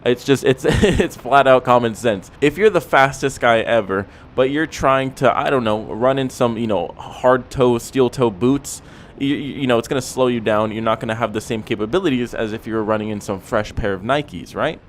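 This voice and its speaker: A young man talks through car-modding tips in a loose, rambling way, at a middle pitch for a man. He keeps tossing in "okay?" and "you know" as he goes. A faint low rumble hums under his voice. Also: moderate pace. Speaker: car vlogger. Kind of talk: casual advice talk to camera.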